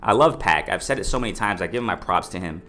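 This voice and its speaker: Emphatic man ranting about boxing. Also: quick pace. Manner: emphatic, repetitive, addresses viewers as ladies and gentlemen; lively pitch swings, mimics others in raised voice. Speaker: boxing commentary vlogger. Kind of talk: opinionated casual commentary.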